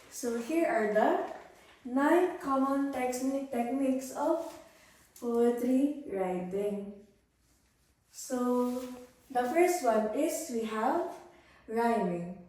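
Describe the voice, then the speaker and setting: A young woman, a student teacher giving a demo English lesson, explaining slowly and praising pupils. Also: on the high side, mellow. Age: young adult. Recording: echoey room, voice far from the mic.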